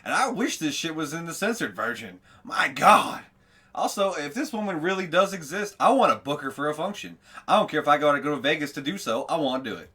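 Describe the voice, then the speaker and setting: A man with a high, lively voice gives casual reaction commentary. He drops amazed, profane asides between clips. His tone is bright and a little husky. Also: a little fast. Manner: swearing, amazed, laughing asides. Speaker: reaction video host.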